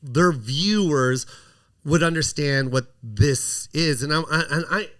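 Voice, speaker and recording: Fired-up, indignant man, slightly high voice. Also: slow, fairly bright tone. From United States. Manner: emphatic, indignant, repeats himself, swears. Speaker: comedian guest. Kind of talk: heated conversational interview.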